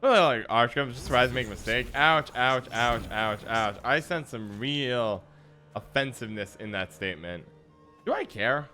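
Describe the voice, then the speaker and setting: A man's voice: mid-range voice, animated, moderate pace, pushed and bright, soft background music. A man streaming a card game, chatting playfully with his viewers and teasing opponents as he plays. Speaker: gaming streamer. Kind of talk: live card game commentary.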